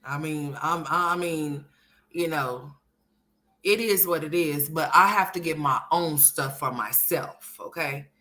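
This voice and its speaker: Chatty woman on a livestream, calls the chat honey, bright edgy voice, sits a bit low. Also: slow. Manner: chatty and emphatic, calls viewers honey and sweetheart; swings between loud animated bursts and soft murmurs. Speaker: livestream commentary host. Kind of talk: casual livestream commentary, reading viewer chat.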